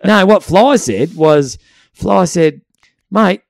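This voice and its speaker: A man's voice: mid-range voice, brisk, dry recording, studio quality. An Australian man co-hosting a podcast, telling a story with lots of swearing and acted-out voices. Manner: animated, acts out voices in anecdotes, swears freely. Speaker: podcast co-host. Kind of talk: casual storytelling chat.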